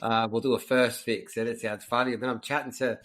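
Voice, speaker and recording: A man's voice: medium pitch, little pitch movement, a little fast, a bit bright. A man with an Australian accent, a podcast host chatting in a friendly, matey way with lots of fillers. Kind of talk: casual chat.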